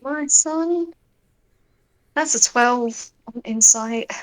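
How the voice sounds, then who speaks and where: A woman's voice: a little high, extremely slow, low-quality recording. A woman playing a tabletop role-playing game, narrating her character in a chatty, fond way. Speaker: tabletop player.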